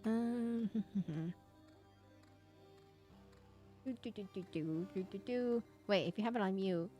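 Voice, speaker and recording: A young woman talks her way through a game stream in a loose, giggly ramble, circling back and restarting her sentences as she goes. Her pitch sits in a plain middle range. Faint game music hums underneath. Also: a little slow, mellow. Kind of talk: casual chat while streaming a game.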